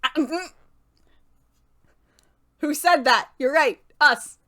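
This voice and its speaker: A young woman streaming a game, excitable and swearing, laughing and talking back at the characters. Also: high voice, slow. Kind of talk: casual let's-play commentary. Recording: faint game music underneath.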